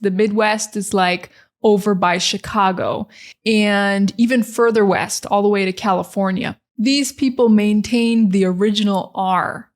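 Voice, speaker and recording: A young woman with a General American accent, explaining English pronunciation in a chatty teaching style and showing sounds by example. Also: mid-range voice. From United States. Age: young adult. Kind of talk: casual explanatory lesson.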